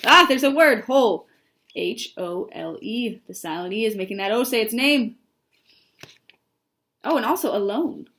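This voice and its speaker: A woman's voice: fairly high pitch, animated, a little slow, vocal fry, long pauses, fairly bright tone. A woman teacher reading a storybook aloud and stopping to spell out words letter by letter for young students. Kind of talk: phonics lesson with read-aloud.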